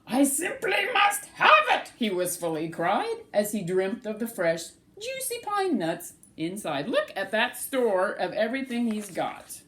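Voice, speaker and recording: A woman reading a rhyming picture book aloud to children, animated and sing-song, stopping to ask the children questions. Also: medium pitch, unhurried, few pauses, a little hiss or hum.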